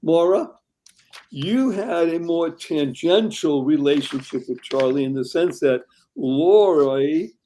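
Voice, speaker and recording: Slow, mellow-voiced male host. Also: on the high side, slight background noise, poor audio. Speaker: webinar host. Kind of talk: hosting a panel discussion. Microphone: video call.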